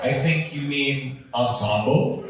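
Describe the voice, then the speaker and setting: A man from New York doing stand-up crowd work, teasing an audience member with quick, wry questions. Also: mid-range voice, distant mic. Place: comedy club stage with audience. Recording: echoey club, heard from afar, loud room noise. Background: audience laughter.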